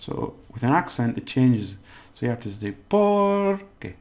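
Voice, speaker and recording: A man teaching a casual language lesson, patiently breaking down words and slowly overpronouncing the examples. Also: mid-range voice, darkish tone.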